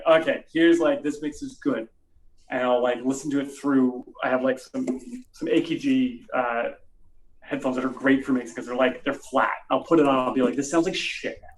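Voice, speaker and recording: Recorded off-mic with a roomy quality and a little hiss or hum, a musician rambles animatedly through a casual interview chat, leaning heavily on fillers. He has a mid-range voice.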